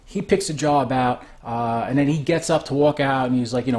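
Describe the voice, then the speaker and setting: A man's voice: medium pitch, brisk, few pauses, a little mellow. A man giving a casual spoken recap of a show, rambling and often restarting his sentences.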